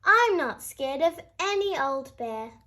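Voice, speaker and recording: A woman's voice: high voice, animated, takes it slowly, slight background noise, exaggerated voice. A woman voicing a cheerful, fearless young male hare in a storybook reading, eager and helpful. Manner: bright and eager.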